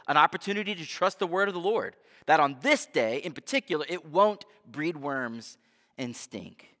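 A man preaching a sermon as pastor, conversational and animated, often asking his listeners rhetorical questions. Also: medium pitch. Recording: long hall reverb.

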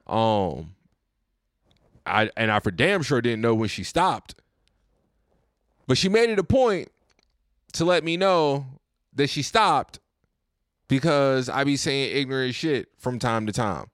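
A man's voice: mid-range voice, lively intonation, takes it slowly, long pauses, dry recording, clean studio sound. A young man hosting his own podcast, ranting casually and profanely, often repeating himself. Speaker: podcast host. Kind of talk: casual rant.

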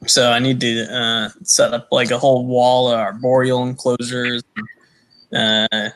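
A man's voice: medium pitch, flat delivery, unhurried, a bit bright. A man chatting casually as a podcast guest, rambling with lots of "you know" and "uh". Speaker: podcast guest, snake keeper. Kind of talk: casual chat.

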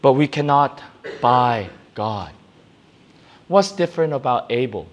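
A young man preaching a sermon to youth, animated, acting out the voices in his stories. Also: mid-range voice, normal speed. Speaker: youth pastor.

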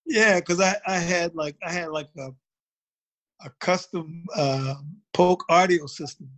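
A man's voice: a little high, a little slow, fairly bright tone. A man from Baltimore, a drummer and guest in a casual interview, telling stories in a loose, rambling way full of "you know". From Baltimore, United States.

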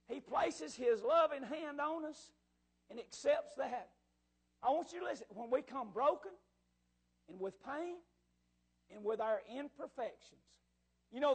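A male pastor preaching a sermon with fervor, often rising into shouts and breaking into chuckles. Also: extremely high pitch, husky.

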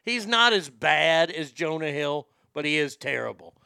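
A man's voice: fairly high pitch, expressive, moderate pace, creaky, bright, forceful tone, clear, resonant tone, dry recording. Sarcastic male podcast host. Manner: sarcastic, dismissive, stumbling restarts. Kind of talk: opinionated talk show monologue.

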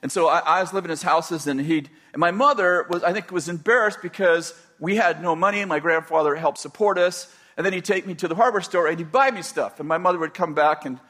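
Older man, slightly high voice, rambling personal story, chuckling restarts. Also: fast, hardly any pauses, sharp tone. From California, USA.

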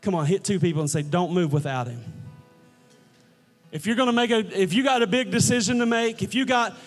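A man with a notably high-pitched voice delivers a church sermon. His preaching leans on repetition and climbs into impassioned, near-shouted calls. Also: fast talker, faint music behind. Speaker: pastor.

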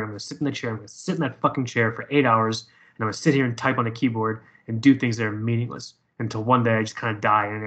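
A man's voice: medium pitch, fairly bright tone, muffled recording. A man telling a personal story in casual conversation, profane and rambling with many restarts.

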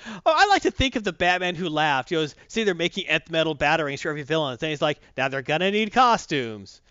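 A man's voice: fairly high pitch, animated, rapid-fire, pushed and bright, clean tone, no room sound. A man hosting a comics podcast, rambling and chatty with lots of fillers, recorded dull and lo-fi. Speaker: comic book podcast host. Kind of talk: casual chat.

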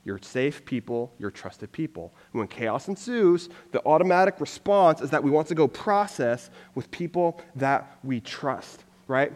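A man giving a casual conversational sermon, energetic and loose, scattering "like" through his talk. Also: on the high side. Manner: energetic, loose, full of "like" fillers. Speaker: preacher. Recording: long reverb from a hall.

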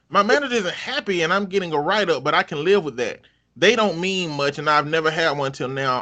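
Male host, bright forceful voice, wry and profane story reader. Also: fairly high pitch. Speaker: podcast host reading online stories. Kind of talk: casual story reading.

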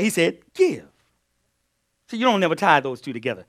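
Pastor, male, high-voiced and highly animated, preaching a sermon with loud peaks and low asides. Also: moderate pace. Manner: call-and-response preaching, swings between loud bursts and low asides.

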